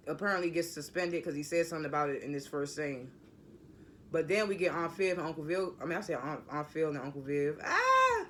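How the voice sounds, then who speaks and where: A man casually recapping a TV episode, stuttering and repeating words as he rambles. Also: sits high. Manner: rambling, loose and conversational. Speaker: TV episode reviewer.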